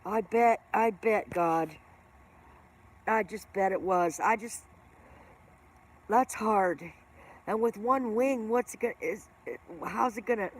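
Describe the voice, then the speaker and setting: Chatty woman, slow rambling livestream talk. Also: medium pitch. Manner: chatty, rambling, talks to viewers by name. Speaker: livestream host. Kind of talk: casual livestream chat with viewers.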